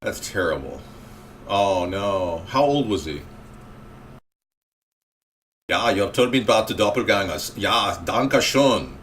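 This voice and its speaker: A man's voice: sits low, lively intonation, a little slow, long pauses. Man, talk show host, rambling, casual call-in chat, faint noise. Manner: rambling, reacting to callers and chat.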